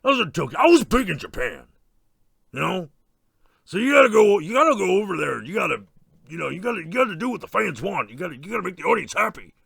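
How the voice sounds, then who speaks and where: A man plays a foul-mouthed masked slasher killer, ranting and swearing as he rambles through a comedy Q&A. His voice is gravelly and husky, pitched fairly high and bright, with a lively, swooping delivery. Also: fast, full character voice. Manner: rambling, swearing, irritable rants. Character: crude, excitable masked slasher killer, male adult. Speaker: stream host in character. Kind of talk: in-character comedy Q&A.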